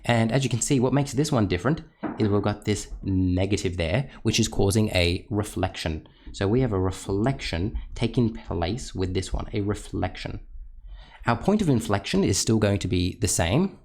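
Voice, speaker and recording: A man with a fairly low voice walks through a maths lesson on screen, explaining each step patiently. He drops in self-deprecating asides as he sketches on a tablet. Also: expressive, moderate pace, darkish tone. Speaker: maths teacher.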